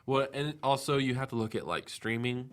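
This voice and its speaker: A man in casual podcast chat, reading out figures in a relaxed, chatty way. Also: mid-range voice, moderate pace.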